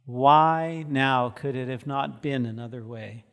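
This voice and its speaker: A man's voice: medium pitch, takes it slowly, hardly any pauses, fairly bright tone, clear, resonant tone. A man giving a sermon as pastor, earnest and emphatic, repeating key words for weight. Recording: long hall reverb.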